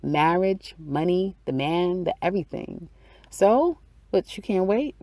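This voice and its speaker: A woman's voice: on the low side, animated, unhurried, darkish tone, no echo. A woman giving a casual weekly tarot reading, chatty and repetitive, acting out people's inner thoughts. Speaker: tarot reader.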